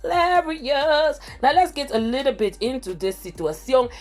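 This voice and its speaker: A woman hosting a gossip reaction commentary, talking in a dramatic, theatrical way with drawn-out exclamations. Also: a little high, lively intonation, warm tone. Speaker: gossip reporter host.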